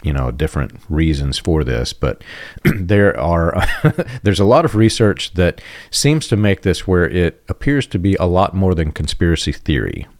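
A man co-hosting a podcast, speaking in a measured, guarded way, clearing his throat and laughing softly. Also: sits low, sing-song, no room sound, clean studio sound. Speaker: podcast co-host. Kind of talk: casual podcast discussion.

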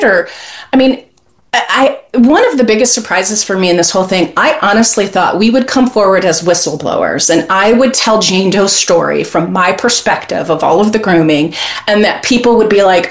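A woman's voice: mid-range voice, lively intonation, normal speed. A woman speaking frankly and with passion as a guest in a podcast conversation, laughing now and then.

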